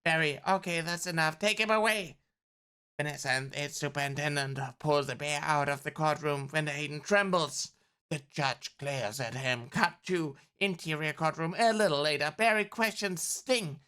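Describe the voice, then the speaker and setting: A woman's voice: deep voice, moderate pace, fairly bright tone. A woman streamer reading a film script aloud and reacting candidly, with frequent swearing.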